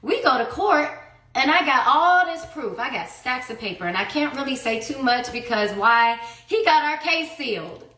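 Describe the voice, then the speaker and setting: A woman in her thirties pours out her side of the story in a fiery, profane rant. She throws out one sharp rhetorical question after another. Her bright, slightly high voice rings around an echoey room. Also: expressive, moderate pace. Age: 30s. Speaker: livestreamer telling her story. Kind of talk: heated personal monologue. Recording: roomy echo.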